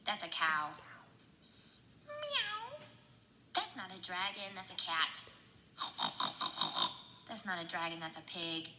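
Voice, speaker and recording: A woman leading a children's storytime, chanting and coaxing her young listeners along in an animated, sing-song way. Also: lowish voice, unhurried, pauses often, background noise. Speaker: children's librarian.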